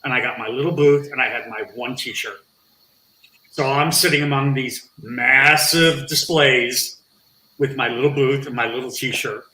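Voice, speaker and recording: A man who is a guest on an interview podcast, telling a story with animated, acted-out dialogue. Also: mid-range voice, unhurried, roomy sound, low-quality recording. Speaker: interview guest, nonprofit founder.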